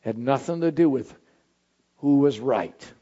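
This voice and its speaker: A male pastor preaching a sermon, swinging from loud, high shouted phrases to soft, low, intimate ones. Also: measured pace, highs cut off.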